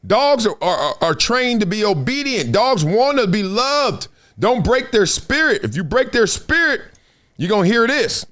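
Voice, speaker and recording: A fairly high-pitched man with a lively, swooping voice hosts a live sports talk show. He tells stories in loose, casual slang and laughs often. He slips into other people's voices as he talks. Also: moderate pace.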